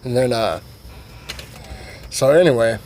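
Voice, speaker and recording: A man telling a rambling, profane comic story in an animated way. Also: mid-range voice, slow pace, a little hiss or hum.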